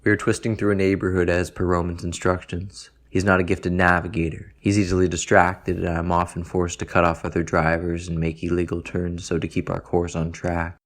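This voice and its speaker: A narrator delivers a first-person literary story in a dry, deadpan manner, untroubled even by crude details. His very low voice holds a flat, level line, and his pacing stays unhurried and even.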